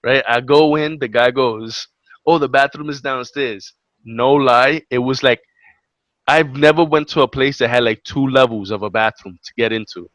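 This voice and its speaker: In a casual storytelling chat, a podcast co-host who is a profane young New man gets animated and acts out quotes as he speaks. His voice is mid-range at a moderate pace, recorded dry.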